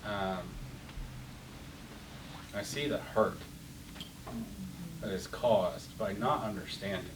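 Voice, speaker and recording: A man's voice: on the low side, slow pace. A middle-aged man teaching an interactive Bible class, passionate, getting worked up and repeating words. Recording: roomy, distant, faint hiss.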